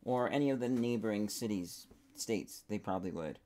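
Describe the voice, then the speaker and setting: A young man rambling and musing aloud while playing a game, often trailing off mid-thought in a soft, casual voice. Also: lowish voice, normal speed. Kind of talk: casual gaming commentary.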